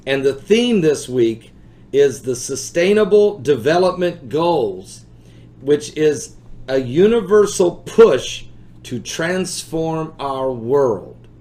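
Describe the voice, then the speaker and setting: Guy hosting a talk show, kinda high voice, earnest, leans on his words. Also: expressive, takes it slowly, dark tone. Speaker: host.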